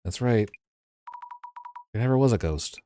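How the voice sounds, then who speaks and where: A man voicing a calm, blunt young woman detective who speaks matter-of-factly. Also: fairly low pitch, measured pace, a little hiss or hum. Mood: cool.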